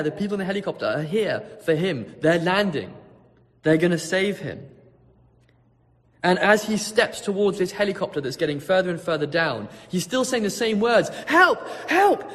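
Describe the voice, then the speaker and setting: A pastor preaching a sermon, telling a story vividly, swinging from hushed tones to loud ones. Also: male voice, on the high side, big-room sound.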